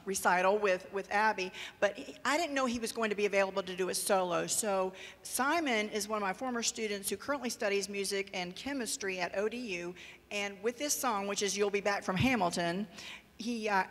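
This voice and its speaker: A woman's voice: medium pitch, moderate pace, fairly bright tone. A woman music teacher announcing the next performer at a student recital, chatty with fillers. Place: recital hall. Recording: hall reverb.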